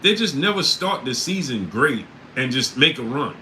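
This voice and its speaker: Man, sports livestream host, lively swings in pitch, bright voice, faint hum behind. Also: normal speed, rough recording. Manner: animated, loud bursts of disbelief, reads chat names. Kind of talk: casual livestream chat.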